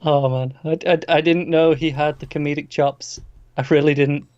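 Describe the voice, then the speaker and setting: A man co-hosting a podcast, chatting casually about TV episodes and throwing in quick joking asides. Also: on the high side, steady tone, a little mellow, highs cut off. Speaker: podcast co-host. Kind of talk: casual chat reviewing TV episodes.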